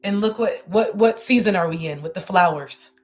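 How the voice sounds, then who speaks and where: A woman's voice: on the low side, normal speed, a little mellow. A woman hosting a live-stream tarot reading, emotional and effusive, repeating her phrases as she talks to viewers. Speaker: tarot reader and host.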